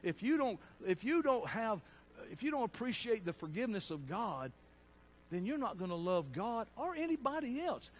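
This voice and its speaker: A middle-aged man, preaching a sermon with storytelling and loud bursts. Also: high-pitched, sing-song, moderate pace, slight background noise.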